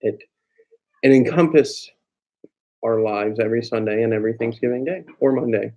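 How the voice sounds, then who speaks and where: A man's voice: medium pitch, moderate pace, dark tone. A middle-aged man vlogging in casual chat, joking in a sarcastic way. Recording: dull lo-fi camera mic.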